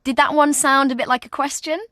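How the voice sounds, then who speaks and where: A woman acting as a virtual training guide narrates a communication training exercise from a script, encouraging the listener and coaching them step by step. Her high voice barely varies in pitch and sounds a bit bright, and she speaks a little fast. There is no echo.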